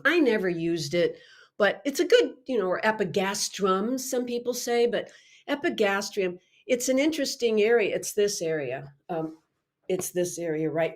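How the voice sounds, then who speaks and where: A woman teaching singing technique in a live online workshop, chatty and animated with frequent restarts. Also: fairly low pitch.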